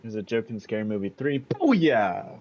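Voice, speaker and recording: A man's voice: on the low side, huge pitch swings, moderate pace, a little mellow. A man co-hosting a podcast, throwing in dry, crude wisecracks. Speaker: podcast co-host. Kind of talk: casual podcast banter. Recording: dull lo-fi mic with faint noise.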